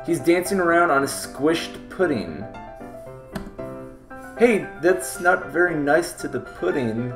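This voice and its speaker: A man with a fairly high voice streams a game playthrough, reading lines aloud slowly and often pausing to joke about them with his chat. His delivery is animated, and the audio has a roomy echo with faint game music.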